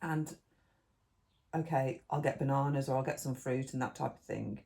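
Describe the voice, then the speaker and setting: A woman's voice: rumbling low, moderate pace, creaky, warm tone. Rambling middle-aged woman. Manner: rambling, listy, restarts mid-thought. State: eating while talking. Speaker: podcast co-host. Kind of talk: casual chat.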